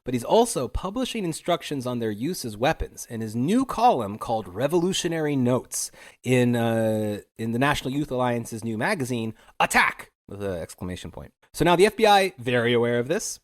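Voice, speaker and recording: A man's voice: mid-range voice, big pitch swings, fairly quick. Wry, chatty young man telling a story. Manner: casual and wry, with many fillers and chuckles. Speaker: podcast host narrating history. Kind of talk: casual chat.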